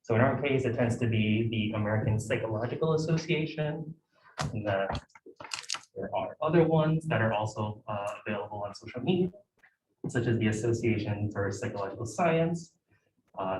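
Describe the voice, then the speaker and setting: A man's voice: lowish voice, fairly quick, darkish tone, slight background noise. Casual young man presenting in an echoey room. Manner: conversational, filler-heavy, self-interrupting. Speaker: guest speaker at student club meeting. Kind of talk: informal presentation. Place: lecture room. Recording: echoey room heard from a distance.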